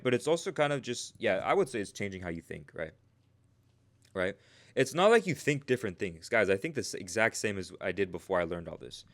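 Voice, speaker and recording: A man with a fairly low voice hosts a live trading stream and teaches in a relaxed, conversational way. He reads out viewers' chat messages, answers them by name, and keeps asking "right?" to make sure they follow. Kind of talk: casual livestream teaching.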